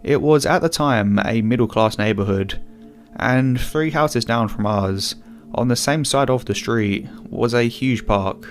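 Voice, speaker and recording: A man reading a first-person horror story aloud in a calm storytelling manner. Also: medium pitch, unhurried, faint music behind. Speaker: narrator. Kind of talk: scripted narration.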